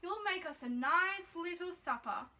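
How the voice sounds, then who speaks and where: A woman's voice: very high-pitched, lively intonation, a little slow, bright, forceful tone, pitched above the performer's own voice, full character voice. A woman voicing a greedy witch who poses as a tall nun, speaking in a bossy, commanding way.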